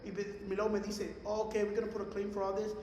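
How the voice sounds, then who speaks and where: Young man, very high voice, quick and animated, echoey room with a long reverb tail. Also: slight background noise. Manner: animated storyteller mixing English and Spanish slang, profane. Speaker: podcast co-host. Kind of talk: casual chat.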